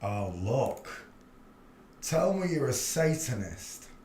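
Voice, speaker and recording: A man's voice: medium pitch, big pitch swings, takes it slowly, mellow, a little hiss or hum. A man hosting a livestream, talking in a chatty, rambling and blunt way and laughing at his own jokes. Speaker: livestream host. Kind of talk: casual livestream commentary. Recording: roomy echo.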